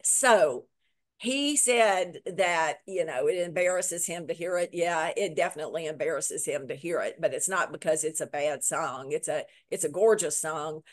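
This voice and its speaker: A woman author, a guest in a video interview, telling a story with lively retelling and repeating words for emphasis. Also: low voice. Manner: lively retelling that acts out quoted lines.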